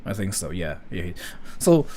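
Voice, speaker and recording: A man's voice: sits low, big pitch swings, moderate pace, warm tone, a little hiss or hum. A man chatting casually while he reacts to a video, rambling with lots of fillers and questions.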